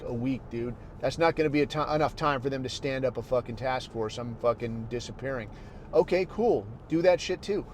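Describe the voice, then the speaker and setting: A man hosting a podcast, ranting in a crude, heated, blunt way that swings from low muttering to loud outbursts. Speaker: podcast host. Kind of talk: profane ranting monologue.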